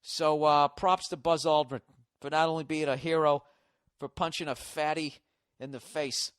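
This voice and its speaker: Male streamer, slightly high voice, dry close sound, crude animated rant. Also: moderate pace, clean tone, no room sound. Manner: animated, crude and swearing, repeats words. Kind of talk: casual profane rant.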